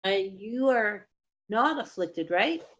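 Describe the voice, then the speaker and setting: A woman running a tabletop game as game master, calling out rolls and rules in a brisk, instructive way. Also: mid-range voice, animated, a bit bright.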